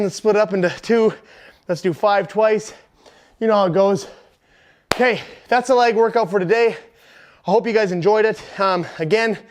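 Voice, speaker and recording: A young man leading a home workout as a fitness trainer, counting reps aloud and talking casually with fillers and quick apologies. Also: high voice. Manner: apologetic asides, filler words.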